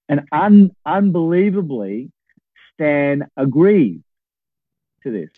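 A man's voice: medium pitch, normal speed, dry recording. Man in his 60s, tinny line. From Australia. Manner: animated, checks in with "right?". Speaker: podcast guest, property investor. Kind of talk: storytelling in a conversation. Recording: tinny phone-like line, dry.

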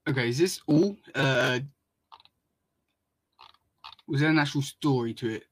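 A male podcast host reading fan fiction and viewer comments aloud, halting and stumbling over words, laughing often. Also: medium pitch, husky, dry recording. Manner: halting, full of fillers and restarts, laughing often.

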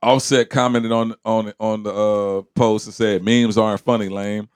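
A man's voice: lowish voice, moderate pace, clear, resonant tone, dry recording. Laughing man telling a casual story. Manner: animated storyteller, quotes people, laughs often. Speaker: podcast co-host. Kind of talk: casual chat.

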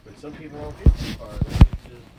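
Rambling swearing man, far off. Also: brisk. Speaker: interviewee. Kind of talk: casual storytelling. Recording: distant mic with loud noise.

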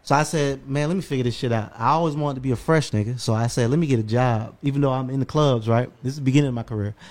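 Man, podcast host, rapid-fire casual storyteller, brash and profane. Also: mid-range voice. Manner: animated storytelling, profane, fast-talking.

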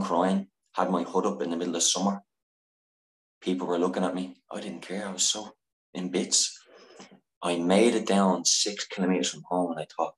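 Low-voiced man telling a candid story. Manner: earnest and emotional, swears freely, restarts sentences. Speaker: podcast guest. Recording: echoey room.

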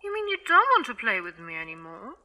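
A woman's voice: on the high side, wildly swooping pitch, fast talker, bright, forceful tone, full character voice. A woman voicing a flirty female AI assistant living in a phone, teasing and coy.

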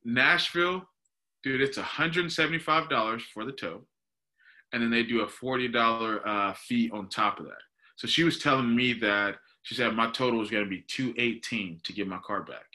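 A man's voice: medium pitch, normal speed, pushed and bright. A young man, animatedly telling a story on a casual podcast, laughing and calling his listener "dude.". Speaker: podcast co-host.

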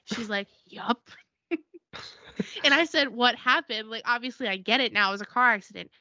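A woman chats casually on a podcast, and her bright, fairly high voice is lively as she plays out each person in her stories. The mic sound is dry and a little dull, with no room around it. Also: brisk, no echo. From Connecticut. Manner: animated storytelling, acts out quoted people. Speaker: podcast co-host. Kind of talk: casual chat.

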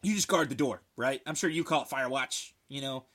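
Man, casual storytelling, bright tense voice, profane, animated. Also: medium pitch, a little fast.

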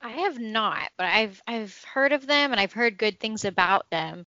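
Woman, casual chat, bright sharp voice, dry dull lo-fi recording. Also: fairly high pitch, lively intonation, unhurried, no room sound.

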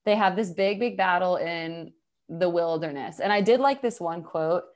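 A woman's voice: lowish voice, normal speed, darkish tone. A young adult woman co-hosting a podcast, retelling Bible stories in casual chat, swearing and saying "like" a lot. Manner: chatty, swears, lots of "like". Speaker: podcast co-host.

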